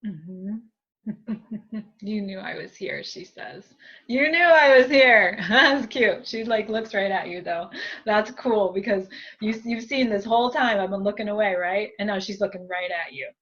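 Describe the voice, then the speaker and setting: A woman's voice: medium pitch, a little slow, a bit bright, muffled recording. A woman giving a spiritual group reading as a medium, chatty and giggly, with many fillers and thanks.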